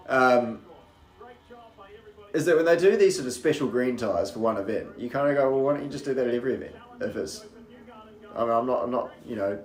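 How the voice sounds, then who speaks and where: Heard in a roomy space, this mid-range, creaky voice belongs to a New Zealander whose faint accent leans mostly toward British. He's calling a race live, chatting away and wandering into rambling asides.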